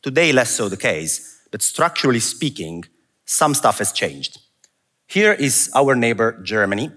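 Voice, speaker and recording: A man's voice: mid-range voice, big pitch swings, unhurried, fairly bright tone. A man with an Italian accent giving a conversational, self-deprecating conference presentation in an event hall. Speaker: macro analyst speaker. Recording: reverberant hall.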